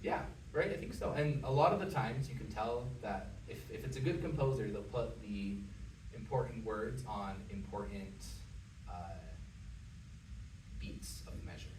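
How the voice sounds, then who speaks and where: A man's voice: fairly low pitch, moderate pace. A man giving a one-on-one singing lesson, patient and encouraging, talking with many fillers. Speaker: voice teacher. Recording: echoey room, mic far off, background noise.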